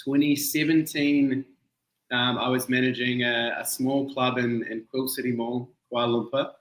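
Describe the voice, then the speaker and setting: A man's voice: mid-range voice, normal speed, reverberant, poor audio. A man in his thirties with a mixed New Zealand and Malaysian accent, a guest chatting casually in an interview and using friendly slang. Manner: relaxed, laughs easily, friendly slang. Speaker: event founder guest. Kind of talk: casual video-call interview.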